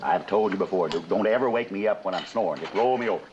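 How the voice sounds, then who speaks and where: A man playing a wry, gruff trail hand. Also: sits low, fast talker, natural voice. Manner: dry, joking. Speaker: actor in a western film. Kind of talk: 1950s film acting. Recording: dull, noisy old film soundtrack.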